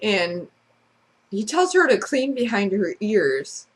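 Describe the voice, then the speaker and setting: A woman's voice: medium pitch, big pitch swings, slow pace. Blunt, swearing woman vlogger ranting. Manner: sarcastic, blunt, swears freely. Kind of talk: casual ranting monologue.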